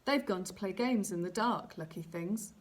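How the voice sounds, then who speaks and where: A woman's voice: medium pitch, normal speed, close to an everyday voice. A woman voicing a cheerful, confident boy scout who teases a little, in a storybook reading. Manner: bright, bossy, teasing.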